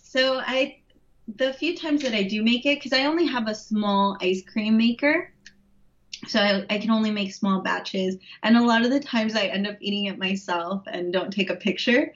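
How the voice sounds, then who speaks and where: A woman guest chatting casually in an interview, relaxed, laughing often and filling pauses with "um". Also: medium pitch, highs cut off. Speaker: interview guest, home vegan cook.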